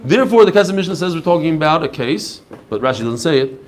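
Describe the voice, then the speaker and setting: A man giving a daily Talmud class, telling stories with quick asides. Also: fairly high pitch, slight background noise. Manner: animated storytelling, quick asides. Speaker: Talmud teacher. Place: study hall class.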